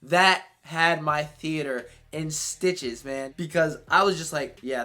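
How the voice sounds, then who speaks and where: A man giving a casual, excitable movie review, swearing freely as he reacts. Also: a little high.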